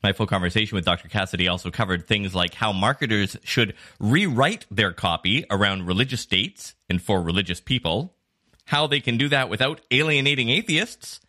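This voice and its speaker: A man hosting a digital marketing news podcast, reading scripted segments with clear, varied emphasis. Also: lowish voice, expressive, fairly quick, sharp tone. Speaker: podcast host.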